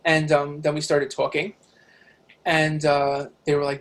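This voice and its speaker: A middle-aged man telling stories as a guest on a podcast, animated and talkative, swearing casually. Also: a little high, measured pace. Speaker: podcast guest, author and professor. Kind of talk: casual interview storytelling.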